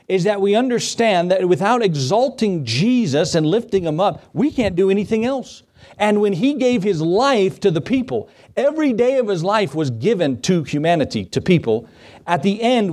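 A man preaching from the pulpit with a slightly high voice. He acts out the lines he quotes and throws asides to his congregation. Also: a little mellow. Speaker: pastor. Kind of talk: sermon.

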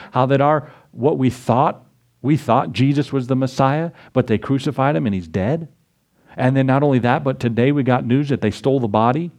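A man's voice: medium pitch, normal speed. Folksy preacher man. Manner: folksy, animated preaching with chuckles and acted-out voices. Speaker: pastor. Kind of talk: sermon.

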